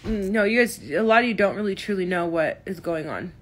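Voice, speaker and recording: A woman's voice: medium pitch, lively intonation, fairly quick. A woman in her thirties venting on a phone livestream, emotional, hurt and defensive, with many restarts. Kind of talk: upset livestream rant. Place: in her car.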